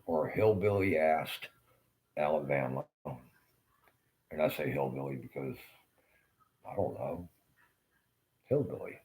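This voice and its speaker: Rambling profane Southern man in a monologue rant, with an extremely low, rumbling voice. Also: darkish tone, poor audio. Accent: Southern American. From Southern United States. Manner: profane, blunt, rambling, with halting fillers.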